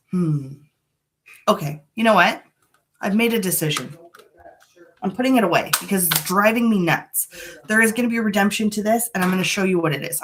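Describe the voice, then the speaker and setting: A woman's voice: medium pitch, a bit bright, a little hiss or hum. A woman chatting frankly and a little dramatically through a live makeup tutorial from her home. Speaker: beauty vlogger. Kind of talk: casual live makeup chat. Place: home room.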